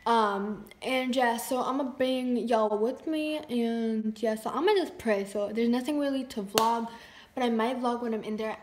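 A teenage girl chatting casually in a vlog on a handheld phone, bubbly and slangy. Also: fairly high pitch. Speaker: vlogger. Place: home and stores, filmed on the go.

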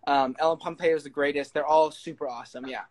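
A man's voice: fairly high pitch, fairly even intonation, fast. A young man chatting casually as an interview guest, laid-back and rambling, with lots of fillers and restarts. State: sweating in the heat. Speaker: guest singer and actor. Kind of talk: casual interview chat, then singing with guitar.

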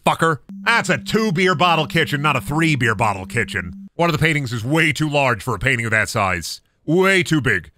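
A man streaming a horror game, talking to himself with profane jokes and sudden shouts. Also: big pitch swings, moderate pace, few pauses. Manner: profane, jokey, talks to himself while playing; sudden high-pitched shouts and sing-song bits. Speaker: gaming streamer. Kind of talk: live-stream gameplay commentary.

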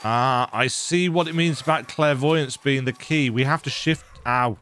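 A man's voice: medium pitch, a little slow, sharp tone. A man casually commenting while playing a game, muttering asides and joking to himself. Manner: playful, muttering asides and mock voices. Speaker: gaming channel host. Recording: faint game music behind.

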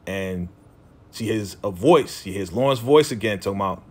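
A man's voice: lowish voice, a little slow. A man talking casually as a TV recap vlogger, loosely quoting characters in his own voice with lots of fillers. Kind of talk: casual chat.

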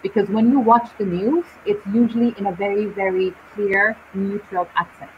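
A woman teaching English in a live online session, speaking slowly and deliberately with clear pauses between words. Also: mid-range voice, slight background noise. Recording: dull lo-fi live stream audio.

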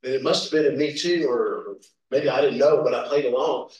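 In an echoey church sanctuary, a Kentucky preacher delivers a folksy, informal sermon full of personal stories, chuckling and calling out amens. He speaks briskly in a medium-pitched male voice with fairly even intonation. The audio is dull, captured by a distant mic in the echoing hall.

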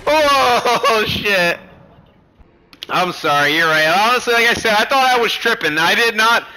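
A young man in casual gaming chat, excitable, swearing constantly and laughing often. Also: sits high, unhurried, smooth, rough recording. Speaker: gamer playing co-op online.

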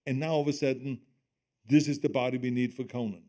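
An older man with a German accent, a guest telling stories on stage in conversation, animated and often laughing as he quotes others. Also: medium pitch, quick pace.

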